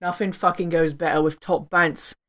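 A woman's voice: lowish voice, little pitch movement, close to an everyday voice. A woman putting on a cocky British lad. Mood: boastful. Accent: mock British. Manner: slangy, swearing, drawn-out. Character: cocky young British lad full of banter.

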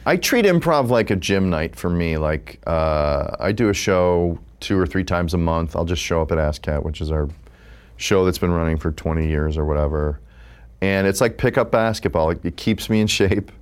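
An improv comedian in his fifties speaks in a low, smooth voice at a moderate pace. In a casual interview he rambles in a relaxed way, filling his speech with lots of "like."

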